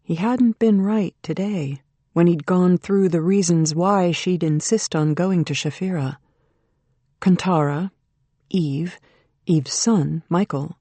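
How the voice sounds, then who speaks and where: Thriller audiobook narrator, mid-pitched, even delivery, dead-dry studio. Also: takes it slowly, dry recording. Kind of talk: scripted narration.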